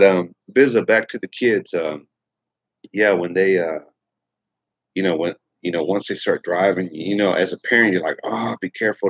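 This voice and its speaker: A man's voice: low voice, no room sound, highs cut off. A middle-aged man from Texas hosting a casual morning livestream, rambling with many fillers and restarts. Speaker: livestream host.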